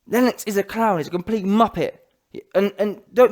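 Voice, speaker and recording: A man's voice: high-pitched, animated, brisk. A man ranting in a heated, slangy, mocking way as a boxing commentary vlogger.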